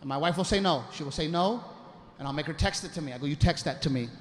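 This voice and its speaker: A man doing stand-up with an exasperated, animated delivery about his wife. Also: fairly high pitch, fast, a little hiss or hum. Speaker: stand-up comedian. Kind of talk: stand-up storytelling.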